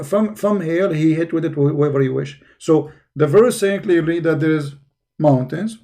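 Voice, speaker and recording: Gravelly dark-voiced guy running a debate call, talks quick and pushy. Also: fairly high pitch. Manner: fast, pushy, switching between English and Arabic recitation. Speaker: debate host. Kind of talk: live online debate call.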